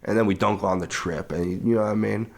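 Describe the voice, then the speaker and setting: A man's voice: lowish voice, steady tone, quick pace, creaky, darkish tone. A young man in casual comedic banter, laughing often as he acts out a rambling story idea. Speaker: podcast co-host.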